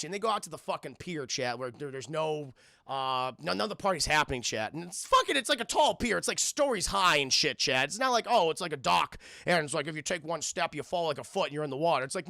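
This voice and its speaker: Gravelly, bright-voiced streamer man. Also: fairly high pitch, dry recording, studio quality. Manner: rambling, swears, keeps addressing chat; acts out characters' lines in quick voices. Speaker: cartoon reviewer streaming to chat. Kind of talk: casual live-stream episode recap.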